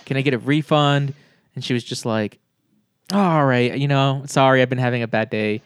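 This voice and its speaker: A young man in casual chat, telling animated stories and acting out voices, with plenty of swearing. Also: medium pitch, normal speed, smooth, dry recording, studio quality.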